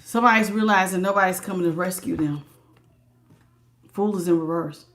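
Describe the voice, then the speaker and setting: A woman's voice: fairly low pitch, a little fast, fairly bright tone. A woman giving a live tarot reading, chatty and emphatic, greeting viewers by name and repeating words for stress. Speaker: tarot reader.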